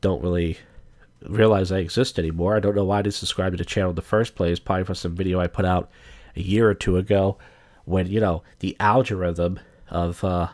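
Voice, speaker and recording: A man's voice: low-pitched, fairly even intonation, brisk, a little mellow. A man in his thirties hosting a podcast alone, rambling crudely and profanely with lots of fillers. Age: 30s. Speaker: podcast host. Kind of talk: casual rambling monologue.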